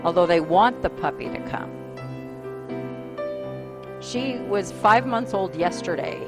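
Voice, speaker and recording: A fitness instructor in her fifties leads a gentle stretching class in a dining room, giving breathing cues and chatting with the group between moves. She's encouraging and quick to laugh, with a lowish, expressive voice, and music plays clearly in the background.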